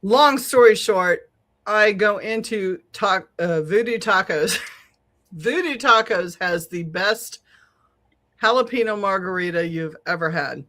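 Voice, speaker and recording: A middle-aged woman telling a long, animated story on a podcast, swearing freely and laughing often. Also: medium pitch, takes it slowly. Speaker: podcast co-host. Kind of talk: casual storytelling chat.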